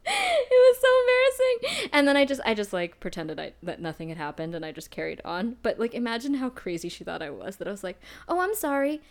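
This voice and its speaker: A woman's voice: lowish voice, animated, fast, gravelly, few pauses. A woman co-hosting a podcast in casual chat, chatty and self-deprecating, laughing often. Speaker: podcast co-host.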